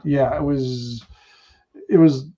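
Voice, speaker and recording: Halting, reflective male co-host. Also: medium pitch, fairly even intonation, dark tone, lo-fi sound. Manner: halting, reflective, many restarts. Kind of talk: casual live-stream chat.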